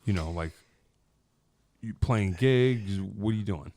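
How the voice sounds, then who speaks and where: A man's voice: on the low side, takes it slowly, warm tone. A man hosting a podcast interview, chatting loosely, joking and agreeing with many short words. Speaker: podcast host. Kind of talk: casual interview chat.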